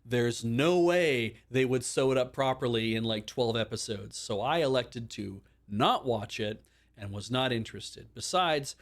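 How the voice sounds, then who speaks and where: A man hosting a live stream, chatting casually in a rambling, animated way and acting out bits of dialogue in quick voices. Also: mid-range voice. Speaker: stream host.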